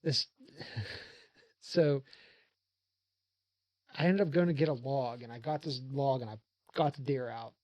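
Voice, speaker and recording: A man's voice: mid-range voice, slow pace, pauses often, no room sound, muffled recording. A man telling a rambling, casual story on a podcast, swearing freely and laughing often. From rural area. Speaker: podcast host.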